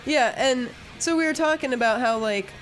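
A woman's voice: high voice, moderate pace, faint music behind, low-quality recording. Woman telling a meandering story. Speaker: radio show co-host. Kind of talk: casual chat.

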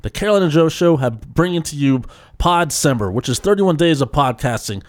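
A man hosting a podcast from a studio, slightly high in pitch for a man. He talks in a showman-like way, repeats phrases for hype, and laughs a lot between bits. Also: lively intonation, brisk. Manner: hyped, showman-like intros with repetition; laughs often, playful. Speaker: podcast co-host. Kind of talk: casual podcast chat.

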